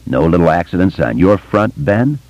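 A man voicing a quiet, thoughtful grown man who speaks low and measured. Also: big pitch swings, no echo, rough recording. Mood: teasing.

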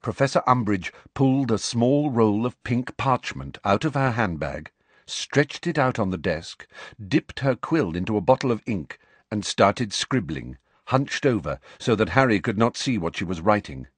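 A man narrating an audiobook in an expressive storytelling manner. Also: lowish voice, moderate pace, breathy edge, no echo. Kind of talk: scripted narration.

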